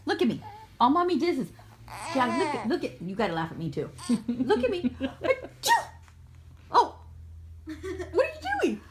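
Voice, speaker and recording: A mother with a high voice that jumps all over, coaxing her baby with playful talk. Her fake sneezes and laughter fill a casual home video. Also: wildly swooping pitch, normal speed, pauses often, a loud crowd.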